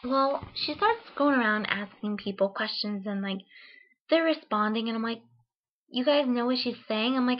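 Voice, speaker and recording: A young woman from Ohio tells a funny story in a chatty vlog. Her voice sits a bit high, and she fills it with "like" and "um" as she acts out her own reactions. The recording sounds dull and lo-fi. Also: moderate pace. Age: young adult. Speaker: vlogger. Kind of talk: casual storytelling.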